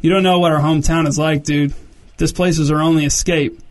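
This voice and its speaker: A man voicing a blunt, jealous young boyfriend who talks low and pushy, calling everyone "dude". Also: fairly even intonation, fairly quick, darkish tone, natural voice. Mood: brooding.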